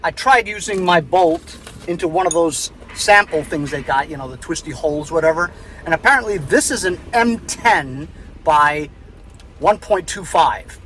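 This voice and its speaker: A man's voice: on the high side, normal speed, a bit bright, slight background noise, rough recording. A man vlogging in a casual, rambling way, laughing easily as he talks through his day outdoors. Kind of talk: casual chat.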